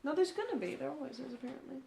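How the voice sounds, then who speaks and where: A woman's voice: high-pitched, racing, vocal fry, echoey room, slight background noise. A woman co-hosting a podcast, chatting casually and acting out the people in her stories. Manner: animated storyteller, acts out quoted people. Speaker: podcast co-host. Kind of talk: casual chat.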